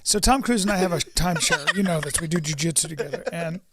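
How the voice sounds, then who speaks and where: A comedian in his fifties telling stories and chatting on a podcast in an animated, profane, self-mocking way. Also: on the high side, fast. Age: 50s. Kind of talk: casual chat and storytelling.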